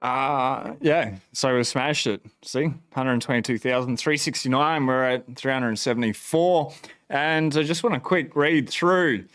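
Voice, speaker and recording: An Australian man hosting a casual livestream, excited and profane, rambling with fillers and restarts. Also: medium pitch, a little slow, clear, resonant tone. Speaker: bitcoin channel host. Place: at home.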